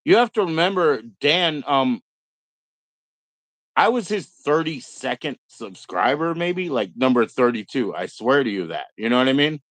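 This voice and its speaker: Man, middle-aged, livestream host, casual rambling, profane, animated pitch, dry close sound. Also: moderate pace, dry recording, low-quality recording. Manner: rambling, profane, mocking voices of others.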